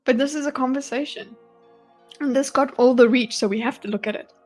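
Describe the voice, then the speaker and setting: South African woman, fairly high voice, casual home streamer with faint music behind. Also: fairly quick. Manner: chatty, animated, swears and laughs often. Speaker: streamer reading chat. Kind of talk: casual live-stream commentary. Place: her home.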